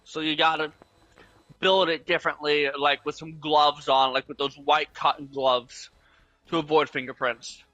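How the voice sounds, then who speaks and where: A man's voice: a little high, flat delivery, measured pace, sharp tone, no echo, lo-fi sound. A young man chatting casually over voice chat while gaming, explaining things at length with lots of fillers. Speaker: gaming channel host.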